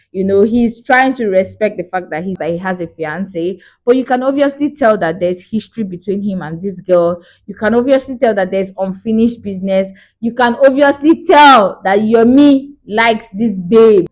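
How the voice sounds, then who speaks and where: A woman giving a lively, gossipy casual recap of a movie, acting out the characters' lines as she goes. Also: medium pitch. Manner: animated, gossipy retelling with acted quotes. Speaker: movie reviewer.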